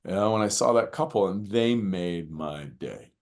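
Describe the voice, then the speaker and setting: Male guest, fairly low voice, earnest storyteller who breaks into acted-out exclamations. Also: moderate pace. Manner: animated, acts out shouted quotes, many "you know" fillers. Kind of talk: reflective storytelling in conversation.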